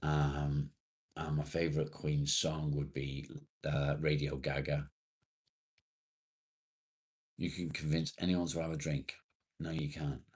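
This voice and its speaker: A man's voice: extremely low pitch, flat delivery, slow, long pauses, darkish tone, husky. A man from England hosting a casual livestream, reading and answering chat comments bluntly and swearing freely. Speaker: livestream host.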